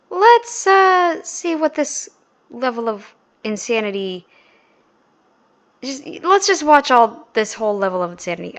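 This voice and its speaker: A woman reacts to a clip in casual, mocking commentary. Her voice sits a little high, and she talks at an unhurried, drawn-out pace, full of sarcasm. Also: a bit bright. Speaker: reaction video host.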